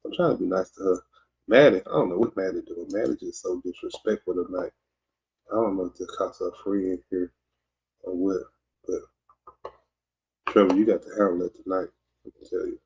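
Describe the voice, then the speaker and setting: A man from Mississippi hosts a casual podcast livestream, his Southern-accented speech rambling, teasing, and scattered with fillers and restarts. He has a deep, gravelly, breathy voice with a darkish tone, normal speed, and frequent pauses. It's recorded in dull lo-fi sound.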